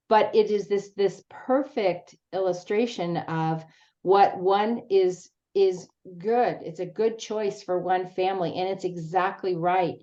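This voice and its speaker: A woman in a grief support group, speaking gently and earnestly to encourage others. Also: medium pitch, slow pace, lo-fi sound. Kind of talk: faith-based grief support group chat.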